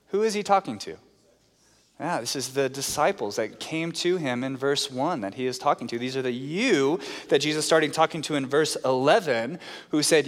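A man preaching a sermon to a congregation, explaining a scripture passage in an earnest teaching tone and asking the listeners questions. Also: mid-range voice. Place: church sanctuary. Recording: reverberant hall.

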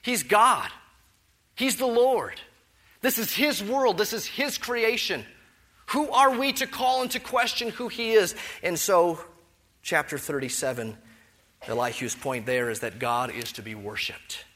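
A man delivers an expository sermon in a bright, ringing voice that sits a little high. He presses his points with loud rhetorical questions, then sinks into a soft, reflective tone. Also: expressive, measured pace. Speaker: preacher.

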